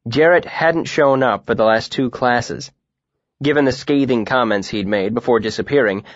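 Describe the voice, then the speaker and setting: Steady male audiobook narrator. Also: medium pitch, no room sound. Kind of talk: scripted first-person narration. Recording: dull, dry studio audiobook recording.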